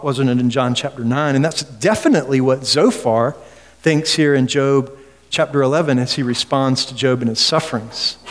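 Man, sermon, emphatic, rhetorical questions, reverberant church sanctuary. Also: fairly high pitch. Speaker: preacher. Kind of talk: expository sermon. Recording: long reverb of a large hall.

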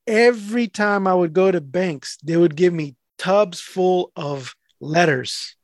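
A man's voice: sits high, slow, no room sound, studio quality. A man who works as a mail carrier, telling a rambling story in casual chat and swearing freely.

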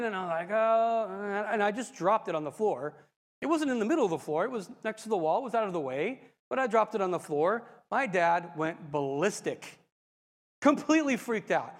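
A man preaching, telling a personal testimony in an animated, expressive storytelling style with frequent asides to the congregation. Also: sits high, a little fast. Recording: reverberant hall.

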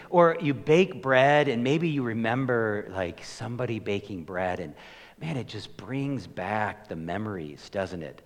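A middle-aged male pastor giving a conversational sermon, telling stories with lots of fillers and laughs and animated shifts between loud and hushed. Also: medium pitch, in a large hall.

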